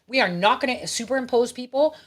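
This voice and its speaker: A woman's voice: a little high, brisk. A woman hosting her own show, giving blunt, profane political commentary in a ranting manner. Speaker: show host.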